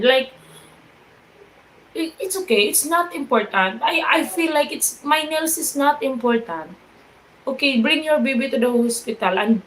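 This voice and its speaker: Slow-talking Filipino woman livestreaming. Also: fairly high pitch, rough recording. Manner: halting, repeats phrases, greets viewers mid-story. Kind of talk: casual livestream chat.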